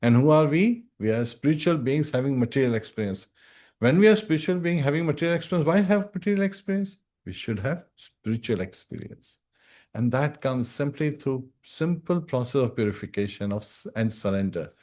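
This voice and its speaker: A man teaches a devotional scripture class in an earnest, instructive way. His voice sits at an ordinary middle pitch. He recites Sanskrit verses and keeps checking in with his listeners. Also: expressive, a little fast, darkish tone. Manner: recites Sanskrit verses, often adds "right?".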